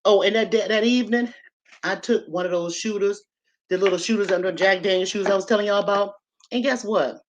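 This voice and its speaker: A woman's voice: medium pitch, fairly quick, a little hiss or hum, rough recording. Chatty woman live streaming from home. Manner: chatty, profane, addresses viewers as y'all. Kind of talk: casual live stream storytelling. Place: at home, moving from kitchen to living room. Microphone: laptop on a live stream.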